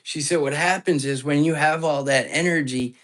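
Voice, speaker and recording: A man's voice: fairly high pitch, normal speed, fairly bright tone, poor audio. A man hosting a live ghost-hunting stream, telling a story in a casual, earnest and anxious way, with many restarts as he rambles. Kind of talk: casual storytelling retelling a phone call.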